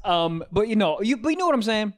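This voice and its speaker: A young man co-hosting a casual podcast, excitable and jokey as he riffs. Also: sits high. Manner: excitable, jokey, fast riffing. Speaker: podcast co-host.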